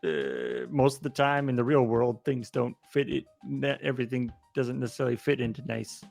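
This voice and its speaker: A man's voice: medium pitch, animated, moderate pace, vocal fry, darkish tone, faint music behind. A man co-hosting a casual stream, musing aloud in a hesitant way with frequent uhs. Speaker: stream co-host. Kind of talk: casual chat.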